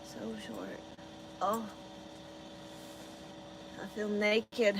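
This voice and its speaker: A vlogger chats casually with her live-stream viewers, rambling through lots of fillers, swearing freely and laughing at her own jokes. Her medium-pitched voice is flat, very slow and creaky. Background noise runs under the audio.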